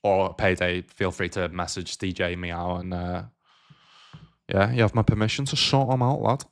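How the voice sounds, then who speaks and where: A man's voice: deep voice, steady tone, normal speed. Casual man streaming poker. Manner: casual, swears, talks to chat. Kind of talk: live-stream commentary while playing.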